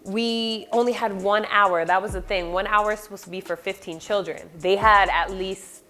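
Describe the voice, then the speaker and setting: A woman, a former party clown telling stories in a casual vlog, profane and animated, with sound-effect fillers. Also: mid-range voice, normal speed, soft background music.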